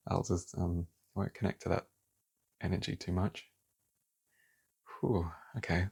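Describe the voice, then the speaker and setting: Low husky-voiced man giving a tarot reading. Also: level tone, measured pace, long pauses, a little mellow. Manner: heated, swears, then apologizes. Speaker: tarot reader. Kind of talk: casual tarot reading to camera.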